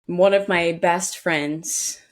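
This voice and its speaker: A woman's voice: lowish voice, steady tone, slow. A woman co-hosting a podcast in casual chat, bubbly and chatty, joking at her own expense. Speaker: podcast co-host.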